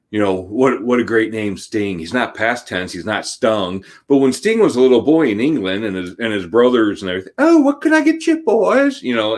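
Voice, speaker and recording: Lowish-voiced man telling a funny story. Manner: animated, laughing through a funny story. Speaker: podcast co-host. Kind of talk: casual storytelling chat.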